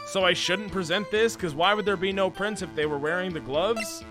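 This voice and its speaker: Male streamer, casual gameplay commentary, thinking aloud, high voice, game music behind. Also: moderate pace. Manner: rambling, thinking aloud, joking.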